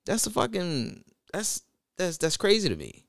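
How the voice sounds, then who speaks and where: A man with children, in casual chat, blunt and profane, telling stories with lively delivery. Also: high voice, moderate pace, vocal fry, dry recording, clean studio sound. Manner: blunt, profane, animated, laughs at his own jokes.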